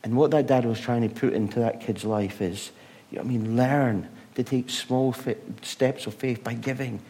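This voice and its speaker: Animated male preacher telling stories. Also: mid-range voice, normal speed. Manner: animated storytelling, rhetorical questions, swings from loud to hushed. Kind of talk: sermon.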